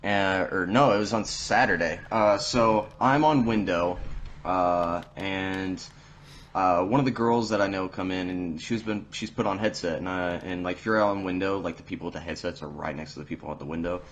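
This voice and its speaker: Teen guy on a podcast, lowish voice, rambling and swearing a lot, slight hiss behind. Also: normal speed, highs cut off. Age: teens. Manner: rambling, swears freely, many fillers. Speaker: podcast host. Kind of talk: casual chat, storytelling.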